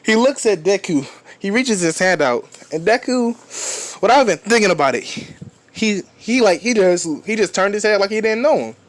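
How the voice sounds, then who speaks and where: A man retells a fan story in a loose, rambling way, often backing up and restarting his sentences. He swears offhand, and his voice sits a touch high for a man. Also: expressive, a little fast.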